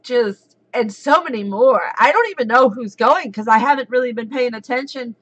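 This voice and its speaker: A woman in her thirties chats on a home livestream in a high, bright voice. She is giddy, giggly and excitable, talking to viewers the whole way through. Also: normal speed, slightly rough, lo-fi sound. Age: 30s. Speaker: livestream host. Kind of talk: casual live chat.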